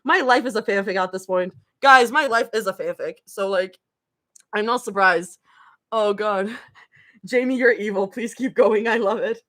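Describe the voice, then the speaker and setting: A young woman streaming a live fan fiction reading, shrieking, laughing and talking over herself in excitement. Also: medium pitch, normal speed, no room sound, studio quality.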